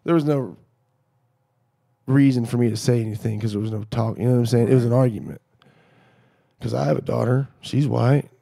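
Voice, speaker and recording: A middle-aged man in a casual podcast chat, telling animated stories and acting out what people said. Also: medium pitch, fairly quick, gravelly, long pauses. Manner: animated storyteller acting out quoted dialogue.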